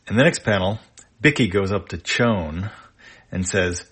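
A man reads a comic strip aloud, panel by panel. His voice is fairly low and his narration plain and steady, with small fillers. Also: moderate pace, slightly rough. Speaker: comic reader.

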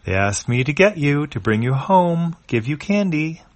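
A man's voice: fairly high pitch, very animated, normal speed, voice pushed up. A man reading a comic aloud, voicing an impatient dog-like alien who is trying to catch a child. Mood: coaxing. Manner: coaxing, then irritable and grumbling.

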